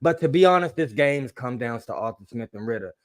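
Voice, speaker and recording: A man hosting a casual sports chat, animated and joking. His voice jumps between loud bursts and quiet asides. It is recorded dry and close, with no room sound. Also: mid-range voice, fairly quick, no echo. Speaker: podcast host.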